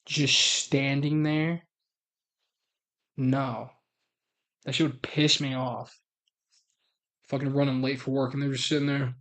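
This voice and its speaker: A man's voice: medium pitch, flat delivery, takes it slowly, long pauses, a bit bright. A man hosting a live stream, chatting casually in a profane, blunt way and laughing often.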